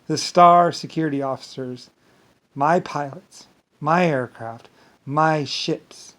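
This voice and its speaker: A man's voice: fairly high pitch, takes it slowly, fairly bright tone. A man delivering an angry, rambling monologue, swearing, stumbling over words and filling gaps with "blah, blah.". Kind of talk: monologue rant to camera.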